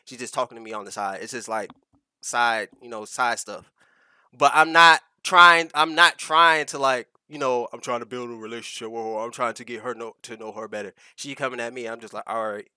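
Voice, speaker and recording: A man's voice: mid-range voice, pushed and bright, clean tone, dry recording, clean studio sound. A young man telling a rambling, profane story on a casual podcast, full of restarts and fillers. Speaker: podcast co-host.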